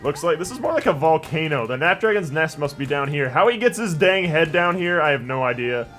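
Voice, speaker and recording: Young male let's-player, slightly high voice, rambling and jokey, faint game music behind. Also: lively intonation, a little fast, fairly bright tone. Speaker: gaming channel host. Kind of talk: let's play commentary, reading dialogue aloud.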